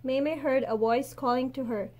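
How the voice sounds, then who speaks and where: A woman teacher reads a picture book aloud with plenty of expression, though her intonation stays fairly even. Her voice is high and clear, slowing and softening at the quiet endings.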